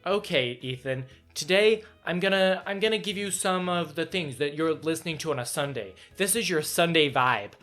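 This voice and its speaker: A man's voice: fairly high pitch, lively intonation, normal speed, hardly any pauses, fairly bright tone. A young man voicing a suave, friendly male AI music DJ, trying on an American accent with breezy radio-host patter. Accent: attempted American.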